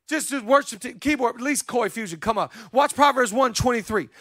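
High-voiced man preaching on a dry mic. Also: a little fast, few pauses, no room sound. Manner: preaching with rising, shouted emphasis; repeats words, builds lists. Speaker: pastor. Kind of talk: sermon. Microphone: handheld microphone.

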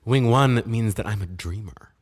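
A man's voice: on the low side, moderate pace. A young man co-hosting a casual podcast, talking in a rambling, jokey way with lots of fillers. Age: young adult. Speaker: podcast co-host. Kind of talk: casual chat.

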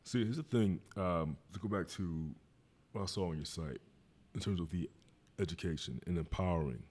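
A man's voice: sits low, moderate pace, darkish tone, slightly rough. A man hosting a podcast interview, laid back and responsive, with casual slang. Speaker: podcast host.

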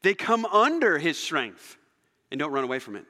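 A male pastor preaching a sermon, telling stories dramatically and swinging between loud emphasis and near-whispers. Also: a little high, moderate pace. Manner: animated, dramatic storytelling with shifts between loud and soft. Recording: long hall reverb.

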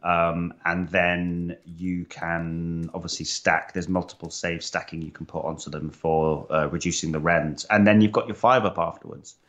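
A man co-hosting a casual tabletop gaming podcast, explaining rules in a measured, step-by-step way. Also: low voice, little pitch movement, a bit bright. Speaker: co-host. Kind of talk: casual podcast chat about tabletop games.

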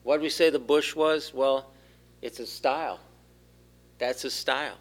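A man's voice: mid-range voice, steady tone, a little slow. Man preaching, quizzing his congregation. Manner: asks the room questions, rises in force for key points. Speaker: pastor. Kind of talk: interactive sermon.

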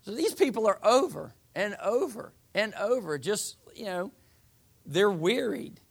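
A man preaching in a relaxed, homespun way, mixing scripture reading with plain talk and little voiced asides. His voice is gravelly and sits a bit high for a man. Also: a little slow. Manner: folksy, uses voiced asides for the people. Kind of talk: sermon.

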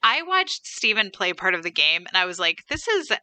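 A woman's voice: fairly low pitch, sing-song, normal speed, pushed and bright, smooth, no echo. A woman co-hosting a podcast, chatting casually with lots of "like" fillers. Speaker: podcast co-host. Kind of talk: casual chat.

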